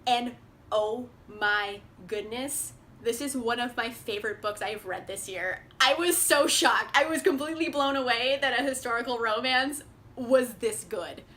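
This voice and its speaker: A woman's voice: a little high, normal speed, bright, forceful tone. A young woman chatting casually about books she picked up, bubbly and chatty, with lots of fillers and laughs, recorded indoors on a camera mic. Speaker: book vlogger. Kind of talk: casual book haul chat.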